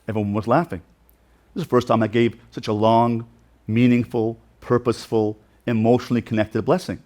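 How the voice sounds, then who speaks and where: A man's voice: mid-range voice, steady tone, a little fast, darkish tone. A man speaking as a rabbi in an inspirational talk, earnest and heartfelt, building emphatic repeated lists.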